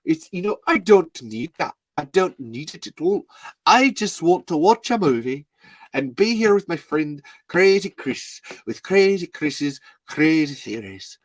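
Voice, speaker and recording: A man's voice: on the high side, sing-song, a little slow, dry recording. A man doing a gushing, exaggerated Irish-accented impression of a friend, ending lines with "eh?". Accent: put-on Irish.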